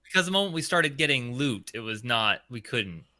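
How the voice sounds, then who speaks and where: Man, gaming podcast co-host, easygoing, filler-heavy, very bright timbre, dry close mic. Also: mid-range voice, big pitch swings, moderate pace, no room sound. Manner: easygoing, laughs along, hesitant fillers. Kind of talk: casual gaming podcast chat.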